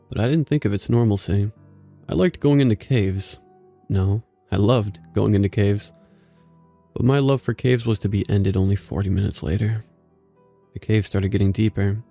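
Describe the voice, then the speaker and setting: A man narrating a scripted horror story in a steady, measured way. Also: lowish voice, vocal fry.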